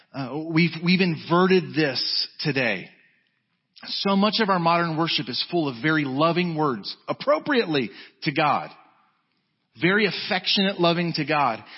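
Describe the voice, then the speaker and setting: A man preaching a sermon as pastor, emphatic, swinging from high urgent peaks to low quiet lines. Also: breathy edge. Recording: dull lo-fi sound.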